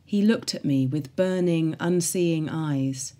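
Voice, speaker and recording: A woman reading a diary aloud in a measured, earnest way. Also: sits low, mellow.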